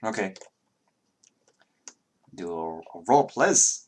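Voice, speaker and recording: A man with a somewhat low voice runs a tabletop game as game master. He talks in a loose, chatty way and walks the players through rolls and movement. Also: expressive, extremely slow. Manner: loose and chatty, counting squares out loud.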